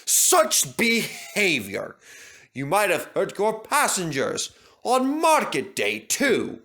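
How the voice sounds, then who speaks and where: A man's voice: high-pitched, sing-song, slow pace, pitched above the performer's own voice, exaggerated voice. A man voicing an old male engine who is proud and stands for no nonsense, speaking firmly. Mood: stern. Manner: firm, scolding.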